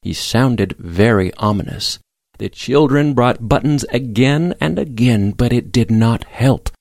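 Plain, measured male storybook narrator, dry close recording. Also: mid-range voice, vocal fry, a little mellow, no echo. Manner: plain, measured, simple reading. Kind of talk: scripted audiobook narration.

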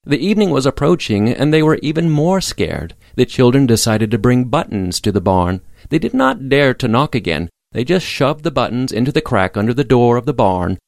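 Plain, measured male storybook narrator, dry close recording. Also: mid-range voice, big pitch swings, gravelly, darkish tone, no echo. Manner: plain, measured, simple reading. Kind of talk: scripted audiobook narration.

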